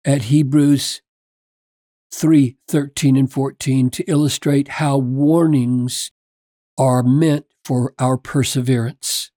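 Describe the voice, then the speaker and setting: An earnest preacher delivers a sermon in a slow, unhurried cadence, reading scripture and unpacking it point by point. The voice is mellow and dark, and the recording is dry and close, with no room sound. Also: medium pitch, dry recording. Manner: earnest, emphatic preaching with rhetorical questions; reads scripture aloud and explains it point by point.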